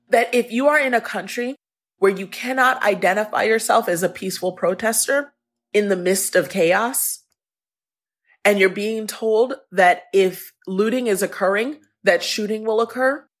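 A woman podcast host speaking an earnest, halting personal message, near tears at times. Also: fairly high pitch, fairly bright tone, husky. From Africa.

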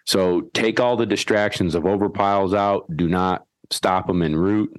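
A man hosting a podcast and explaining dog training in a folksy, animated way, acting out his whistle commands. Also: low-pitched, moderate pace, dry recording. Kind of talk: casual instructional chat.

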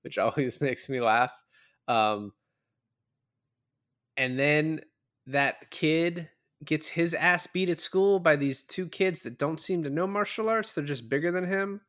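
A man's voice: fairly high pitch, slow, fairly bright tone. A man co-hosting a podcast, chatting casually about a movie, laid-back and laughing between remarks. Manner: laid-back, swears freely, laughs while talking. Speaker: podcast co-host. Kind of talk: casual movie review chat. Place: podcast recording.

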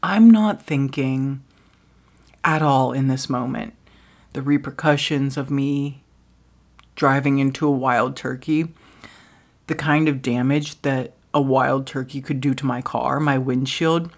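A woman hosting a podcast, telling a comedic personal story with lots of swearing, dropping into hushed asides and jumping to loud bursts. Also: extremely low pitch, measured pace, gravelly. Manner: profane, dramatic, swings between hushed asides and loud bursts. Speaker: podcast host.

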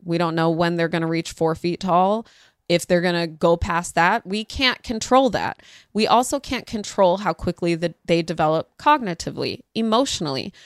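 A woman, a parenting podcast host telling a story casually and acting out quoted voices with sudden pitch jumps. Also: moderate pace, clear, resonant tone, no room sound, studio quality.

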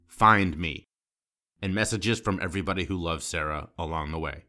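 A man hosting a podcast, emotional and choked up, talking haltingly with many restarts as he closes the season. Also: low-pitched, pushed and bright. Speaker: podcast host. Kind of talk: emotional closing monologue.

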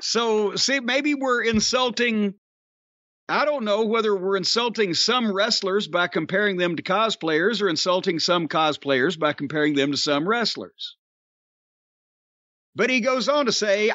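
A man hosting a podcast, gruff and profane, trading wisecracks in casual banter. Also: sits high, a little slow, bright, forceful tone, dry recording. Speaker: podcast host. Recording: dry, dull lo-fi sound.

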